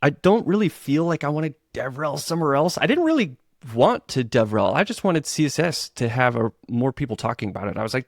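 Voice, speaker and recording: Animated storytelling man on a dry podcast mic. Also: quick pace, hardly any pauses, no echo. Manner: animated storyteller, acts out quotes with big pitch jumps. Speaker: guest co-host, web developer. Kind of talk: casual podcast chat.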